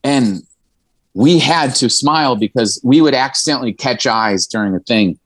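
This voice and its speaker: A man's voice: mid-range voice, expressive, normal speed, husky, dry recording. A man from Indiana, talking as a musician guest in a frank, emotional and sometimes profane way, with laughing asides. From Indiana, USA. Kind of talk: candid conversational storytelling.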